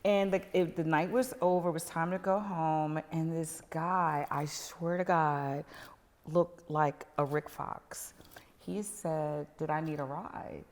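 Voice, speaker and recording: A middle-aged woman telling a personal story as a podcast guest, animated and dropping to whispers at tense moments. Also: low voice, takes it slowly, big-room sound.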